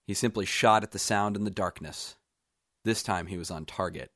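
Deep-voiced male author narrating his short story, measured and even; dry, close mic. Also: no echo.

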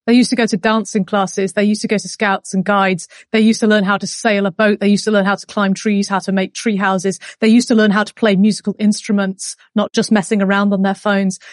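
A woman's voice: medium pitch, flat delivery, a little fast, few pauses, no room sound, clean studio sound. A woman hosting a podcast who talks emphatically and builds her points as lists. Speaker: podcast host. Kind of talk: conversational podcast.

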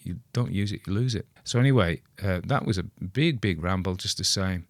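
A middle-aged man, an audiobook reader, gives rambling casual commentary on a story he has read, wry and self-deprecating. His voice is low-pitched and brisk, and the recording is dry.

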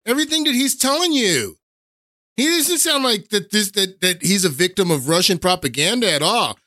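Guy riffing on a clip, bright and dry, kinda restarts a lot. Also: high-pitched, animated, normal speed, dry recording. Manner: loose, restarting phrases. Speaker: commentator reacting to a clip. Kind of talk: casual reaction commentary.

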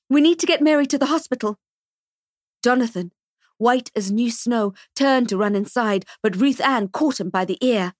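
A woman narrating a dark first-person story for an audiobook, with a steady, earnest, emotional reading on a close studio microphone. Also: on the high side, dry recording.

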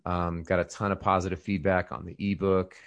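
Deep voiced podcast guy, rambly, lots of um and uh. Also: little pitch movement, fairly quick, lo-fi sound. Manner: rambling with many fillers and restarts. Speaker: podcast host. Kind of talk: casual chat.

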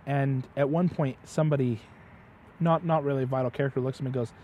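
In a muffled recording, a man talks fast in a medium-pitched, steady voice as a guest of his father, the host. He tells a story passionately in a casual storytelling chat, often stumbling over repeated words.

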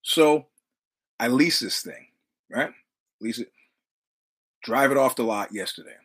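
Brief: male podcast host, mid-pitched, casual storyteller, swears freely, hammers lines by repeating them. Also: unhurried, fairly bright tone. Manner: profane, repetitive, punchy delivery.

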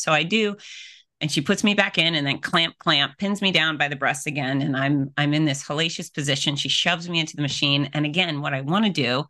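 A fitness expert and speaker appears as a podcast guest, telling a story animatedly during an interview. Her voice is low, expressive, and a little fast, and her storytelling is vivid, with laughs and acted-out quotes.

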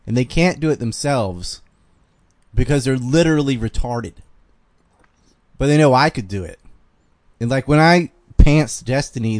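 A man's voice: medium pitch, a little mellow. A man with a Carolina Southern accent, hosting a casual livestream and ranting bluntly with plenty of profanity. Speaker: podcast host reading donations.

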